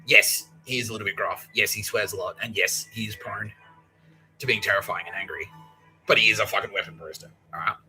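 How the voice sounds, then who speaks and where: His voice is lowish with fairly even intonation, a little fast, pushed and bright. A podcast host from Australia in his thirties, he rambles through a profane story, performing others' dialogue and laughing often, with soft music behind a low-quality recording.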